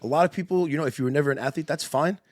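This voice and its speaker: A man's voice: on the high side, very fast, dry recording, studio quality. A young man in his twenties co-hosting a podcast, chatting casually and animatedly, swearing freely and laughing often. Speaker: podcast co-host, pitching coach.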